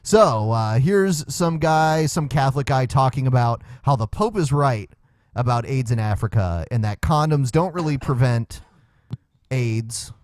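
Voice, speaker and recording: A man's voice: medium pitch, unhurried, a little mellow, no echo, clean studio sound. A man hosting a podcast in casual, wry chat, laughing often. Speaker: podcast host.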